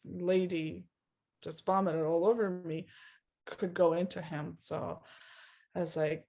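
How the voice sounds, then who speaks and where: A woman's voice: on the low side, moderate pace, mellow. A woman telling a personal story in a casual chat, laughing often and acting out the lines she quotes.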